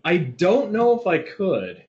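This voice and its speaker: A man's voice: high voice, huge pitch swings, slow pace, a little mellow. A man talking as a podcast guest in casual chat, rambling and hesitant with a self-mocking tone. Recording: dull lo-fi podcast audio.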